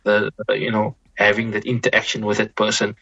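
A man, speaking as a Muslim scholar guest in a reflective conversation, measured and repeating words as he thinks. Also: on the low side, completely flat delivery, creaky, muffled recording, crowd noise.

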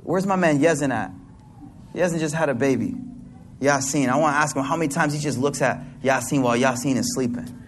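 A man's voice: fairly high pitch, brisk, a little hiss or hum. A man giving a sermon to an audience in a hall, mixing casual slang with religious teaching and acting out voices. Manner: casual slang-filled preaching, animated voices. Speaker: preacher.

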